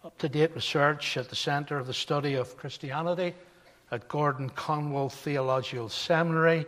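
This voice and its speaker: A man's voice: fairly high pitch, steady tone, moderate pace, fairly bright tone. An older man preaching a sermon, telling stories in a conversational way and building to emphatic points. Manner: conversational storytelling, then rising to emphatic. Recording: long hall reverb.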